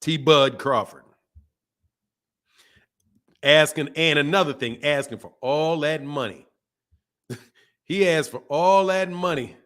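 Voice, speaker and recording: Male boxing-channel host, high-pitched, animated and slangy, loops back over his own phrases. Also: slow, pauses often. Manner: animated, repeats himself, laughs, slangy. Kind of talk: casual boxing talk.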